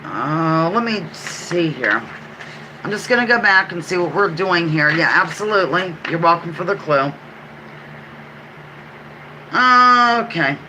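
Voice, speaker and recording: Pennsylvania lady running a trivia stream, super bright sharp voice, chatty, restarts a lot. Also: fairly low pitch, expressive, slight background noise, low-quality recording. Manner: chatty, self-correcting, repeats clues slowly. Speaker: trivia livestream host. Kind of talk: casual live trivia chat.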